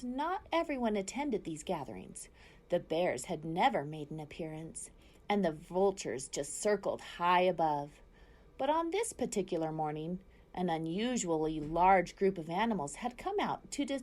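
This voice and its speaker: Expressive woman reading a story aloud. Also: mid-range voice. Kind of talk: reading a children's novel aloud.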